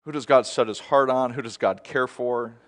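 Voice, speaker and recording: A middle-aged man preaching a sermon from the pulpit, his voice sitting at an ordinary middle pitch. He drops low and quiet, then swells into loud, emphatic declarations. He keeps asking the congregation questions. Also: normal speed. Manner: asks the congregation repeated rhetorical questions. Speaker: pastor.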